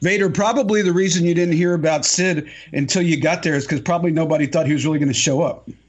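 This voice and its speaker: A man's voice: on the high side, steady tone, fast talker. Rambling male interview host. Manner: rambling, many ums and uhs, restarts questions. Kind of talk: casual interview.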